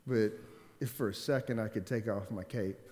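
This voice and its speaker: A man in his forties, a pastor preaching a sermon in a church, telling stories and swinging between loud emphatic stretches and quiet, subdued ones. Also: lowish voice, fairly even intonation, moderate pace. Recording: long hall reverb.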